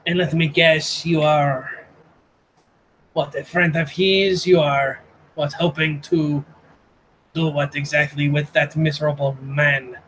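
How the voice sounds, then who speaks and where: A man voicing a very fat gentleman with a thick French accent, haughty and self-important. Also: fairly high pitch, little pitch movement, slow pace, slight background noise, low-quality recording.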